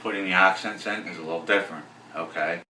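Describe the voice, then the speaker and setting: A man teaching a bass lesson in a relaxed, rambling way, counting beats aloud as he explains. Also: fast, over loud music. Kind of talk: casual video lesson. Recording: roomy, voice from a distance off the mic.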